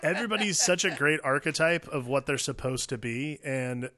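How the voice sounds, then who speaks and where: A man's voice: a little high, expressive, moderate pace, a crowd in the background. A man in a casual film discussion, loose and chatty, dropping swears and fillers. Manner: loose, swears, lots of likes.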